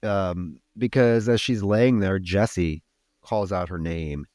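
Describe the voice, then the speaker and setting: A podcast co-host with a low voice recaps a film's climax in casual, profane chat, telling the plot in an animated way. He takes it slowly, and the recording is dry with clean studio sound.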